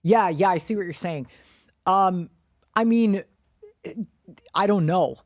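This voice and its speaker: A woman's voice: lowish voice, slow, a little mellow, dry recording. A woman co-hosting a casual sports podcast, giving blunt, opinionated takes and swearing freely. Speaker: podcast co-host.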